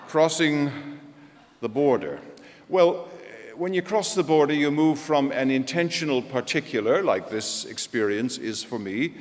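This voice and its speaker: A man's voice: fairly high pitch, animated, measured pace. A male pastor preaching a sermon, telling stories with self-deprecating humor. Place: large church. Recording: echoey church hall.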